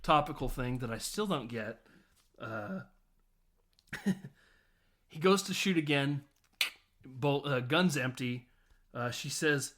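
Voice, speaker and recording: A man recounts a film scene by scene in loose, profane chat. He laughs often and drops into quick quoted lines as he goes, at a middle pitch. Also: lively intonation, a bit bright. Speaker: podcast host. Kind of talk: casual film recap.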